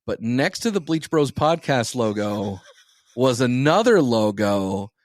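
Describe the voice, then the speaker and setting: A man co-hosting a podcast, telling stories in casual, animated banter and swearing freely. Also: mid-range voice, unhurried, no room sound, clean studio sound. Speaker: podcast co-host.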